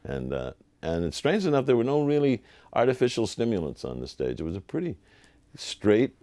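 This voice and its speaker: Older man, very low voice, dark mellow tone, animated storytelling, dry close sound. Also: moderate pace, no echo. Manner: animated, acts out quoted voices. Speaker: TV producer interviewee. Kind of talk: anecdotal interview storytelling.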